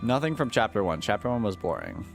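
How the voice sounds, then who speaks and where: A male streamer chats with his viewers while gaming, joking around in loose slang. His voice sits low but swings widely and animatedly in pitch. Faint music plays underneath. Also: huge pitch swings, fast talker, gravelly. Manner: joking, slangy, talks to chat. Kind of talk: casual live-stream chat while gaming.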